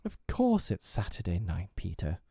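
A prim little girl who mothers everyone speaks in a high, bobbing voice, acted out by a man reading aloud. She is earnest and proper, with a scornful edge when crossed. The sound is close and dry, with a soft, mellow tone. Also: very animated, measured pace, dry recording. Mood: tender. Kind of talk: storybook character voice.

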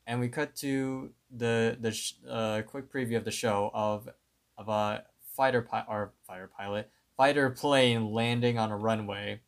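A man's voice: medium pitch, steady tone, gravelly. A man co-hosting a podcast, retelling a cartoon episode in a plain, step-by-step way. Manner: unhurried, plain play-by-play retelling. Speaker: podcast co-host. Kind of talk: casual episode recap.

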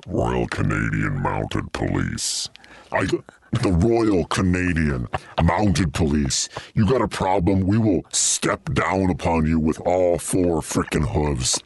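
A deep, growling Mountie, as a man puts him on, all bluster and swagger. The voice sits extremely low and gravelly, with a husky edge, and it drags slowly through its boasts. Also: lively intonation, a little mellow, no room sound, exaggerated voice. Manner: blustering improvised comic bits. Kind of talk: comic improvised character voice.

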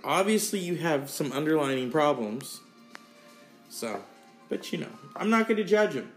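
Slow-talking profane podcast man, sore throat. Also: a little high, expressive, echoey room, faint music behind. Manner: rambling, profane, sighing between sips. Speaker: podcast host. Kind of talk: casual solo podcast rant.

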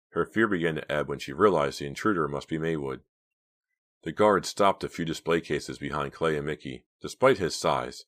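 A man narrating an audiobook in a quiet, steady reading voice. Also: very deep voice. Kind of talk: scripted narration.

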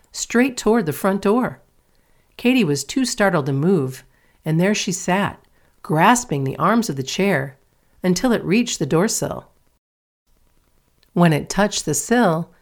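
A woman narrating a children's story aloud in a steady, clear reading voice. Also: lowish voice. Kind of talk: audiobook reading.

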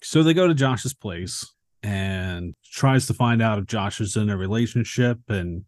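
A man's voice: on the low side, unhurried, no echo. Man casually recapping a movie, dry sound. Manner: animated retelling, acting out characters' lines. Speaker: podcast co-host.

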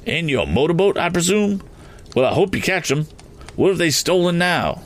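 A flustered, eccentric gentleman, put on by a male reader, who rambles through his words and keeps sputtering fussy little oaths. The voice sits a bit above the reader's own and swings widely in pitch. A storybook character full of nervous excitement. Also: moderate pace. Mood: excited.

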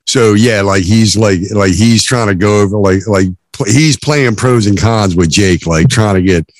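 A man co-hosting a podcast in casual film discussion, talking haltingly with many restarts. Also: on the low side, no room sound. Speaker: podcast co-host.

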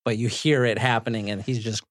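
Animated man telling movie stories. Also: on the low side, brisk, no room sound, studio quality. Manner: animated storyteller, swears, laughs often. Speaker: podcast host. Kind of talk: casual podcast chat.

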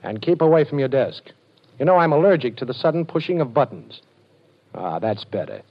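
An actor playing a cool, wisecracking male detective in a 1940s radio drama, wry and quick with a joke. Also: mid-range voice, very animated. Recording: dull old radio recording.

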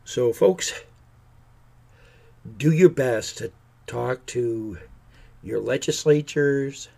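Gravelly, indignant man ranting. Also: medium pitch, drawn-out words, a little mellow. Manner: indignant, sarcastic, mocks politicians in put-on voices. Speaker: podcast host. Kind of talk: opinionated political rant.

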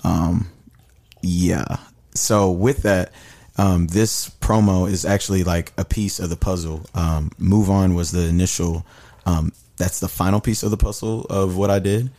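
A man's voice: low-pitched, steady tone, a little slow, mellow. A man who is a guest musician, talking about his music in a laid-back way on a podcast, with many ums. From Dallas. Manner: laid-back, says um often. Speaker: guest artist. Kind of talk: casual podcast chat.

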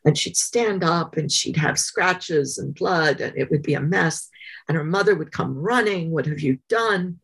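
A woman guest author telling stories in an interview, in a thoughtful, measured way with many pauses. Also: low voice, vocal fry, fairly bright tone, husky. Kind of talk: interview conversation.

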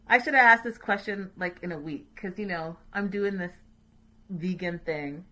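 Brief: woman vlogger, bright and clear tone, chatty and opinionated, casual recap talk. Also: on the low side, normal speed, a little hiss or hum, low-quality recording. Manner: opinionated, chatty, sassy asides to viewers. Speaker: reality show recap vlogger. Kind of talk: casual chat.

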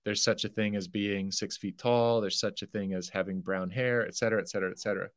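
A man's voice: on the low side, fairly even intonation, fast, no room sound, clean studio sound. A man on a podcast as a guest, explaining philosophy carefully and correcting himself as he goes.

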